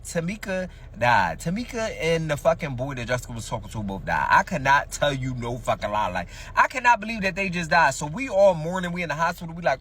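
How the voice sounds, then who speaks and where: Fast-talking husky storyteller man. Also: fairly high pitch, big pitch swings, fairly bright tone, distant mic. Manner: slangy, profane, talks straight to listeners. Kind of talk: casual first-person storytelling.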